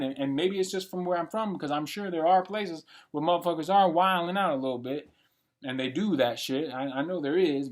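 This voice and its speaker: A man in his late twenties giving a blunt, profane and rambling monologue for his vlog. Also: fairly high pitch. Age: late 20s. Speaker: vlogger. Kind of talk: unscripted rant monologue.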